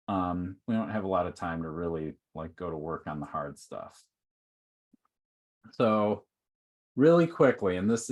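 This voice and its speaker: Brief: deep-voiced male presenter, chatty and informal, lecturing to a workshop. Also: darkish tone. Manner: conversational, uses many fillers like "like" and "okay". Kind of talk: online teaching talk.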